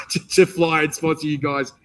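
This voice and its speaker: A man with an Australian accent hosting a casual interview, talking in a rambling, animated way with many restarts. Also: on the high side, unhurried, low-quality recording. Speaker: interview host and competition organizer. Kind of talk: casual interview chat, live stream.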